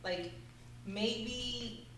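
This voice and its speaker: A woman's voice: fairly high pitch, extremely slow, a bit bright. A woman in her forties co-hosting a podcast, speaking earnestly and emphatically in casual chat. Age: 40s. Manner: earnest, emphatic about respect. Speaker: podcast co-host. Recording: echoey, distant mic with faint noise.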